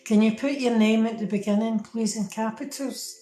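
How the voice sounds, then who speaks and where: A woman's voice: on the high side, fairly even intonation, normal speed, mellow. Chatty Scottish woman in an echoey room. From Scotland. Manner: chatty, talks to viewers, fumbles with the app. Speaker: tarot reader. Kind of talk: live-stream tarot reading. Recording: echoey room with faint ambient noise.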